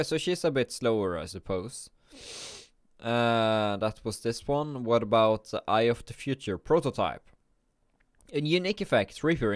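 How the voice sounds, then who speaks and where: In a fairly low voice, a drowsy gaming creator who has just woken up yawns through casual game commentary, thinking aloud and frequently starting his sentences over. It's studio quality with no echo.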